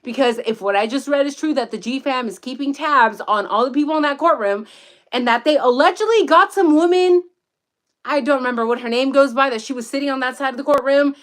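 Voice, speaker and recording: A woman giving casual livestream commentary outdoors in the woods, profane, excitable and rambling as she reads the chat. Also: high voice, brisk. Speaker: true-crime commentator.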